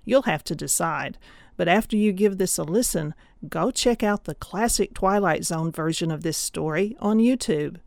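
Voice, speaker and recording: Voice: mid-range voice, moderate pace, creaky, darkish tone, no room sound. An audiobook presenter giving a friendly, informative overview of a story collection. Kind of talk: promotional overview.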